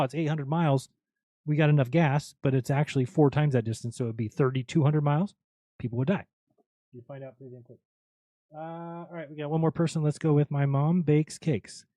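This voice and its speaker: A man's voice: medium pitch, mellow, dry recording. A man hosting a live panel show, arguing his points emphatically in casual chat.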